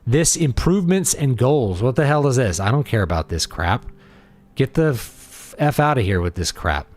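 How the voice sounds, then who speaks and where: A man's voice: medium pitch, sing-song, moderate pace, darkish tone. A man hosting a casual livestream who talks in a blunt, opinionated and playful way. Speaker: livestream host and writer.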